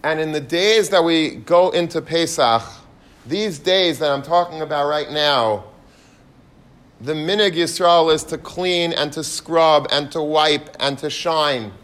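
Man giving a lively Torah talk. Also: fairly high pitch, measured pace. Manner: lively storyteller mixing in Yiddish and Hebrew terms. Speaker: Torah speaker. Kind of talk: sermon with storytelling.

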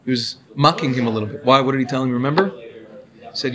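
A man's voice: mid-range voice, fast talker, crowd noise. A man teaching a class, explaining and asking his students questions as he goes. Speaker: Torah teacher. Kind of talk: classroom lecture on Hebrew pronunciation.

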